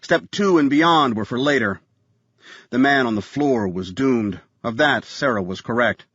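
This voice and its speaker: A man's voice: mid-range voice, lively intonation, unhurried, fairly bright tone, breathy edge, no echo. Male audiobook narrator, tense thriller delivery, dull dry studio sound. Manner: tense thriller reading, voices characters.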